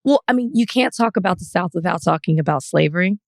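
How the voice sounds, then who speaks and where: Animated woman telling a story, laughing. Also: on the low side, fast, gravelly, dry recording. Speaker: podcast co-host. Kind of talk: casual chat.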